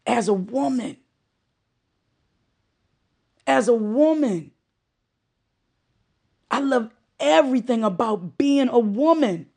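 A woman's voice: on the high side, animated, slow, creaky, long pauses, mellow, breathy edge. A middle-aged woman giving a heartfelt monologue, with emphatic, repeated phrases and moments of choking up. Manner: emotional, choking up.

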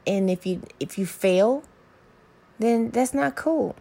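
Woman host, gravelly edge, candid rambling monologue with salty asides. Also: fairly high pitch, takes it slowly, warm tone. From American South. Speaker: podcast host. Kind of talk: casual solo podcast monologue.

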